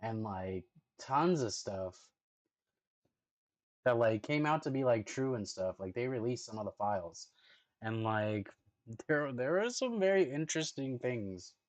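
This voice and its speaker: A man streams himself reacting to videos, chatting in loose slang with constant "like" and "dude" and talking playfully to his dog. His medium-pitched voice is animated and unhurried, and the recording is rough but has no echo.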